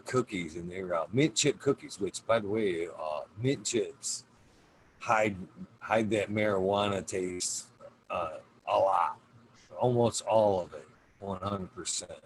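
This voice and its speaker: A laid-back man hosting a casual livestream chat, with a gravelly, fry-edged voice. He swears constantly and laughs his way through a rambling story. A faint hiss sits under the voice. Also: lowish voice, takes it slowly. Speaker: podcast host.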